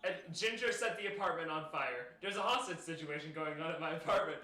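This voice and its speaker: A male streamer reading a text adventure aloud, excitable and often breaking into laughter. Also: on the high side, fairly quick, few pauses. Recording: roomy, distant, faint noise.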